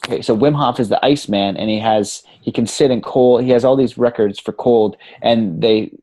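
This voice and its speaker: A man with a mellow, warm voice talks in a relaxed interview. He is animated and casual, tossing in swear words and "you know" all through. The sound is close and dry. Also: mid-range voice, moderate pace, no echo. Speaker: podcast guest, coach.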